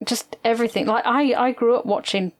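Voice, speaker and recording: A woman's voice: fairly high pitch, fairly quick, no room sound. Chatty woman podcaster. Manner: rambling, animated storytelling with mock impressions. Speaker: podcast co-host. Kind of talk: casual chat.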